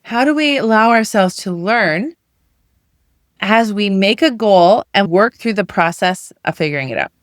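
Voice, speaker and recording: A woman's voice: mid-range voice, animated, measured pace, clear, resonant tone, no room sound, clean studio sound. Chatty middle-aged woman coach. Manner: conversational, full of rhetorical questions. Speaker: weight loss coach. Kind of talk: motivational talk.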